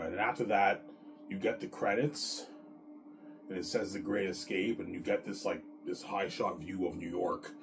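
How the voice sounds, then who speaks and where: A man with a very deep voice chats casually to his audience. He rambles with excitement, often stumbling and repeating words. Clear music plays underneath. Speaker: vlogger. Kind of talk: casual chat.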